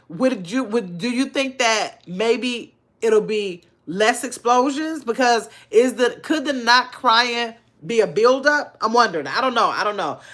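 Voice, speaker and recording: A woman's voice: a little high, a bit bright. Earnest older woman, casual livestream talk. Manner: earnest, conversational, speaks in casual slang. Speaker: livestream host. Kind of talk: casual livestream chat, reading viewer comments.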